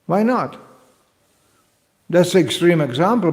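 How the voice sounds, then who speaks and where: A man giving a lecture on scripture, telling playful anecdotes and swinging between loud and soft. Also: fairly high pitch, big pitch swings, a little slow, vocal fry. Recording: lecture hall reverb.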